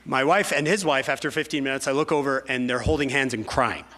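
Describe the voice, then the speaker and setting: A man lecturing a class in a lively, animated way, telling stories and acting out the dialogue. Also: mid-range voice, fairly quick, a little hiss or hum. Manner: animated storyteller who acts out dialogue. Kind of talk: lively classroom talk with anecdotes.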